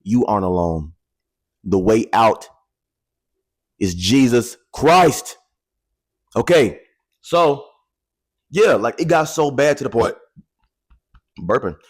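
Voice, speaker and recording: A man in his twenties talking to viewers in a casual, animated testimony, repeating phrases for emphasis, into a handheld microphone. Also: medium pitch, takes it slowly, long pauses. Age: 20s. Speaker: vlogger.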